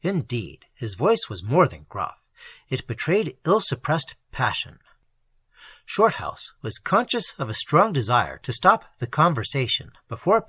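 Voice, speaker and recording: Bright, husky male storyteller. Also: medium pitch, no room sound. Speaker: audiobook narrator. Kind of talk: scripted narration of a ghost story.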